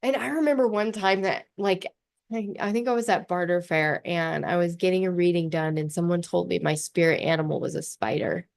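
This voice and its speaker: A woman's voice: on the low side, steady tone, brisk, creaky. A middle-aged woman hosting a podcast, telling personal stories candidly in a loose, blunt way, swearing casually and laughing often. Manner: talks in loose run-on phrases with many fillers. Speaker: podcast host.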